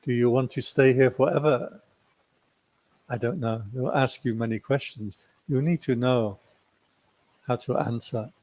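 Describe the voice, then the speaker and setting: A man's voice: mid-range voice, fairly even intonation, measured pace, long pauses, a little mellow. A man teaching meditation, telling a retreat story in a playful way and acting out the quotes. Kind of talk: dharma talk with a story.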